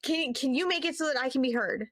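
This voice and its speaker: Tabletop player, a woman with a very high, lively voice; excited and rambling, dry close sound. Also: no room sound. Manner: excited, rambling, quick to laugh. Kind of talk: casual tabletop game chat.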